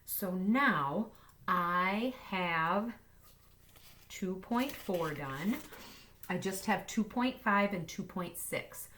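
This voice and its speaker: Woman teacher, recorded math lesson, playful, quick, slightly low voice. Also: lively intonation, fairly bright tone, slight background noise. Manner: upbeat, playful, talks fast.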